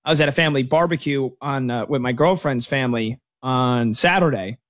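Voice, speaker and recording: A man's voice: mid-range voice, brisk, a bit bright. A man in his thirties hosting a sports talk radio show, chatting casually and rambling through stories with restarts. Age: 30s. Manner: rambling, storytelling with many restarts.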